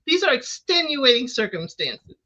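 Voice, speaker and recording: A woman co-hosting a casual recap show, talking in an expressive, playful way. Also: high-pitched, normal speed, slight background noise. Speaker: podcast co-host. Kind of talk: casual reality-TV recap chat. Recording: dull lo-fi sound.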